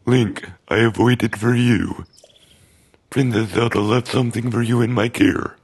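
A man's voice: mid-range voice, steady tone, unhurried, breathy edge. A man putting on a robot voice to read the lines of a solemn male robot steward in a video game. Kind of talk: reading game dialogue in a put-on voice.

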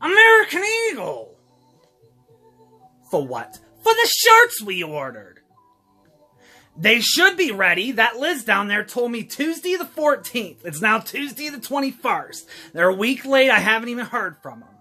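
A foul-mouthed old grandmother, as a performer puts her on, gruff and complaining in a comedy sketch. Her pitch swings widely from one phrase to the next. Music plays loudly in the background. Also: very animated, moderate pace. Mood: irritated, complaining. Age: older. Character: cranky elderly grandmother, short-tempered and foul-mouthed. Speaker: comedy character host.

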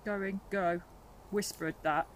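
A woman on a paranormal investigation, speaking in a hushed voice as she reports faint sounds she hears outdoors in a woodland graveyard. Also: mid-range voice, fairly even intonation, takes it slowly, a little hiss or hum.

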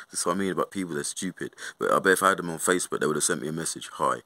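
A young man tells a story as an agitated, sweary rant. His voice is very low and gravelly, yet bright and forceful. The sound is close and dry, with bruv and mate dropped in all the time. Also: fast talker, dry recording. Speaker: vlogger.

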